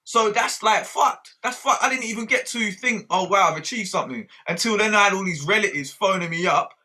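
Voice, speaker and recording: A man's voice: high-pitched, brisk, pushed and bright. A man telling stories in casual podcast chat, swearing freely and quoting people. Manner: swears freely, storytelling with quoted dialogue. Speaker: podcast co-host.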